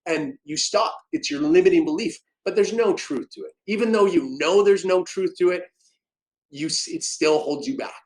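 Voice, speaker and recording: A man's voice: sits high, normal speed, rough recording. Podcast guest, male, emotional storyteller, dramatic delivery with big swings in volume. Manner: animated, dramatic, swings loud and soft.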